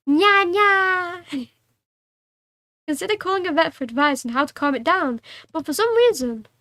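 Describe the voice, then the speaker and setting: A woman's voice: sits high, dry recording, clean studio sound. A young woman streaming a game, reading its text aloud and chatting, playful and giggly with cat-like meows.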